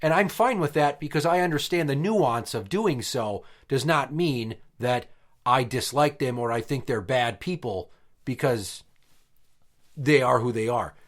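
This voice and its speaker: A man's voice: mid-range voice, unhurried. A man in his thirties hosting a podcast, telling stories bluntly and swearing freely in casual chat. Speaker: podcast host.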